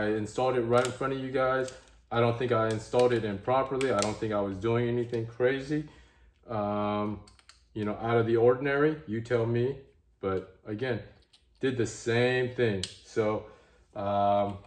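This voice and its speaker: A man's voice: medium pitch, echoey room. A man vlogging a gear review who swears a lot and talks straight to his viewers. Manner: frustrated, swears heavily, talks to viewers as "guys" and "gents". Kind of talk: casual gear vlog.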